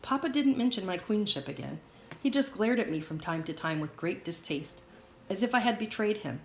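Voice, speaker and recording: A woman reading a memoir aloud in a steady, measured way. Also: on the low side. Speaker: audiobook reader. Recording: roomy echo, faint hiss.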